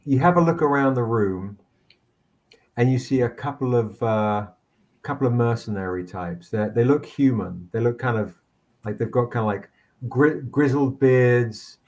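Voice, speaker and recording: A man's voice: medium pitch, a little mellow. A man narrating as game master in a tabletop game, rambling with frequent restarts. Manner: rambling, halting, many restarts.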